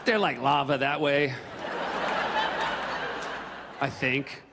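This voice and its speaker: A man in his forties from New Hampshire doing animated stand-up comedy on a theater stage. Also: medium pitch, takes it slowly, heavy background noise. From New Hampshire, USA. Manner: animated, breaks into yelled impressions. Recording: stage mic in a reverberant hall.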